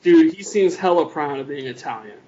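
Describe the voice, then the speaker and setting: A man's voice: a little high, brisk, mellow, highs cut off. A man co-hosting a podcast, teasing his friend in casual, jokey banter. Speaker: podcast co-host. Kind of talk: casual chat.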